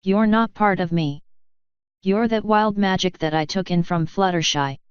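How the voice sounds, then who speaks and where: Woman reader as a defiant young unicorn mare, slow and emphatic, very clear voice, storybook reading. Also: medium pitch, no room sound, muffled recording, natural voice. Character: young female unicorn scholar, angry and defiant.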